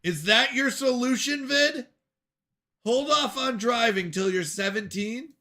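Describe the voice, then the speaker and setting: High, bright-voiced male game streamer. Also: a little slow. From United States. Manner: rambling, answers chat questions aloud. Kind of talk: casual gaming livestream chat.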